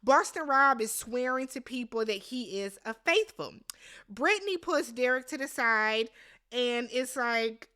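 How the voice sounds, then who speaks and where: High bright woman, animated, blunt, swears a lot, recapping a show. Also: measured pace, smooth. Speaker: recap host. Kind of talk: casual TV recap commentary.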